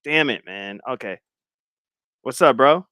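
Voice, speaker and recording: A man's voice: medium pitch, a little slow, dry recording, clean studio sound. A man hosting a casual podcast, commenting with lots of slang and frequent laughter. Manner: animated, slangy, laughs often. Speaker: podcast host.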